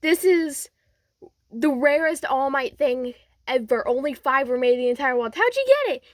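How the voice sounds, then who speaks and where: A woman voicing an excitable, nervous teenage boy who is a huge hero fan, squeaky with rapid questions. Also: no echo, studio quality, natural voice. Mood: overjoyed.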